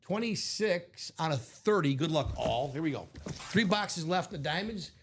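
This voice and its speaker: A man's voice: on the high side, expressive, measured pace, a little hiss or hum. Upbeat middle-aged man hosting a live break. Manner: chatty and upbeat, laughing often. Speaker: live card break host. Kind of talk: casual live-stream commentary.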